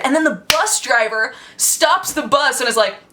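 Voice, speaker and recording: A woman vlogger recounts a story in a loose, chatty way, full of fillers and quick laughs. Her voice has a bright, sharp edge. She keeps the telling casual and lively. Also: high voice.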